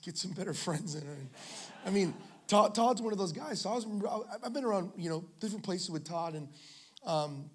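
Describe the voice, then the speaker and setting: A man's voice: high-pitched, animated, moderate pace, slight background noise. A male pastor preaching a sermon, telling humorous stories and joking with the congregation. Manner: humorous storytelling, jokes with the congregation. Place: church service in a school venue.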